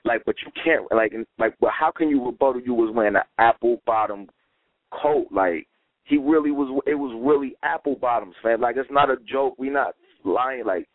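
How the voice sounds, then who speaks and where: A man's voice: mid-range voice, moderate pace, no echo. A man co-hosting a casual call-in show, telling stories animatedly in street slang. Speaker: co-host. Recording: tinny phone line.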